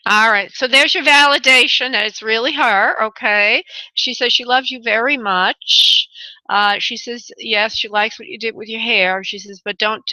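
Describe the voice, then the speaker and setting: A woman hosting a call-in radio show as a spirit medium, giving gentle readings and calling the caller honey. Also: on the high side, fairly even intonation, normal speed, dry recording. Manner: soothing, calls caller honey and sweetheart. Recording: dull lo-fi call-in radio audio.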